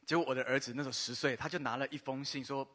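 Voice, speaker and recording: Man, 50s, pastor, sermon testimony, quick delivery, sharp bright tone, speaks in short bursts. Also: mid-range voice. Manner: lively storytelling pauses for an interpreter.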